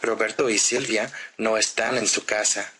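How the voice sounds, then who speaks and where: Low-voiced man teaching a language lesson. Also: steady tone, background noise. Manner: slow, deliberate drilling with pauses for repetition. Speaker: Spanish teacher. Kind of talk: grammar lesson.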